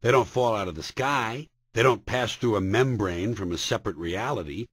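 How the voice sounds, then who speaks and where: A man from the United States doing a stand-up comedy routine, sardonic and profane, with sharp comic timing. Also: fairly low pitch, moderate pace, husky, dry recording.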